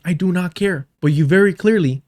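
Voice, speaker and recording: A man's voice: high voice, fairly quick, a little mellow. A man commenting on a live stream in a heated, sarcastic and profane way. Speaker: streamer reacting to a debate.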